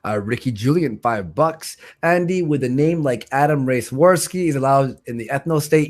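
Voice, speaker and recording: A man's voice: a little high, a little mellow. A man hosting a live stream, casually reading out viewer donations, joking and stumbling over names. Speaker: stream host.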